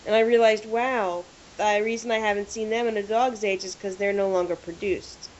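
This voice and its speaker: A woman co-hosting a podcast in casual chat, an animated storyteller who acts out what people said. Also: medium pitch, moderate pace. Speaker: podcast co-host. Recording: lo-fi with faint hiss.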